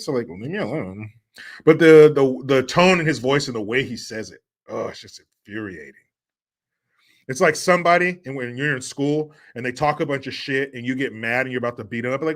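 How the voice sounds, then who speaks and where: A man's voice: mid-range voice, fairly bright tone. A man hosting a live stream commentary show, mocking and profane and laughing often. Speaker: host.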